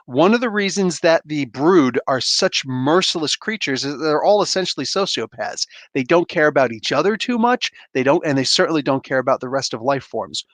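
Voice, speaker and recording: Excited man reviewing comics, dry sound. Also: a little high, moderate pace, hardly any pauses, no echo. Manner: enthusiastic, rambling, slangy. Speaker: comic book reviewer host. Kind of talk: casual spoiler review.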